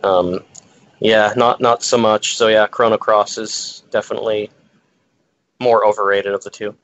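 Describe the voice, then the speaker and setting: A man's voice: fairly low pitch, level tone, unhurried, a bit bright. A man on a casual podcast debate panel who breaks into mock-angry outbursts and swearing. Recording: muffled lo-fi stream audio.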